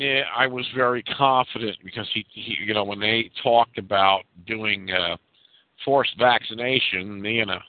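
A man's voice: fairly low pitch, no room sound. Man from New York State, rambling call-in talker with restarts, phone-line sound, dry. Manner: rambling storyteller, restarts often. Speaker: caller. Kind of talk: conference call chat.

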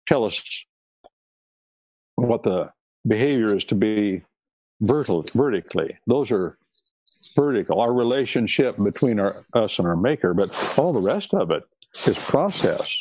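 A man's voice: lowish voice, animated, measured pace, long pauses, a little mellow. A man preaching a sermon on scripture and law, stressing and repeating key words.

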